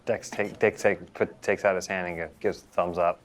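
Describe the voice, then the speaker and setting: A man's voice: sits low, steady tone, normal speed. A man playing a tabletop role-playing game, jokey and understated. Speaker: player. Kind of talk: comedy tabletop role-play.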